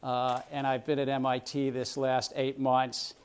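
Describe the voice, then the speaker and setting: A man's voice: mid-range voice, completely flat delivery, unhurried, clean tone. A middle-aged man giving a university lecture, chatty and often putting questions to the students in a room with round tables. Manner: conversational, questions the class often.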